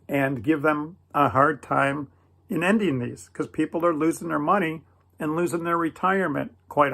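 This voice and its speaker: Male storyteller, higher-pitched, earnest and gentle, preacherly cadence. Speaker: Christian video creator. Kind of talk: personal storytelling.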